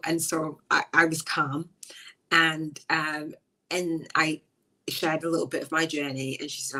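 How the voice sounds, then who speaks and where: A woman hosting a live podcast, chatting casually and emotionally, rambling with restarts and breaking into high laughs. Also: unhurried, bright, forceful tone, poor audio. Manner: frequent high bursts of laughter. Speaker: podcast host. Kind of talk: casual live-stream chat.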